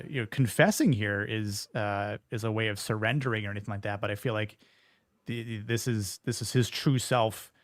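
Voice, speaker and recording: Halting male podcast host, dry close sound. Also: lowish voice, dry recording. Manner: hesitant, many fillers and restarts. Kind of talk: casual discussion.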